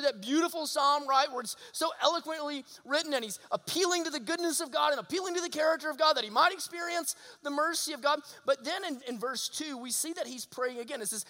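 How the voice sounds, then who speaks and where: Very high-voiced male preacher in reverb. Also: bright, forceful tone. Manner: earnest preaching with rhetorical questions. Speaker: pastor. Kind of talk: sermon. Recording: long hall reverb.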